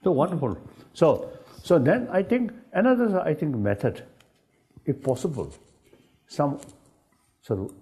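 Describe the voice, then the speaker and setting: A man speaks in a panel discussion, halting and searching for his words, often starting over. His voice is mellow and dark. It rises and falls a great deal, and he brings quoted remarks to life with a lot of energy. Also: a little high. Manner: animated, acts out quoted speech. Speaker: spiritual leader in a panel discussion. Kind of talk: conversational panel talk.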